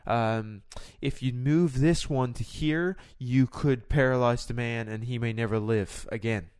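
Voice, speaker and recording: A man's voice: mid-range voice, unhurried, darkish tone, smooth, dry recording, clean studio sound, natural voice. A man putting on a careless rambling surgeon. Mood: offhand. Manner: put-on accent, offhand rattled-off warnings. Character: rambling careless male surgeon teaching a trainee.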